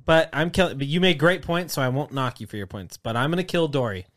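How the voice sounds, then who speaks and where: A man's voice: on the high side, fairly quick, fairly bright tone. A man co-hosting a podcast in crude, joking casual chat, swearing freely and laughing often. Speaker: podcast co-host.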